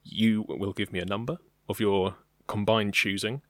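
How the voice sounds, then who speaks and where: A man's voice: lowish voice, fairly even intonation, moderate pace, no room sound, clean studio sound. A young British man co-hosting a podcast, talking casually and hesitantly, with many ums. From Britain. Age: young adult. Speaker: podcast co-host. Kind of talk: casual chat.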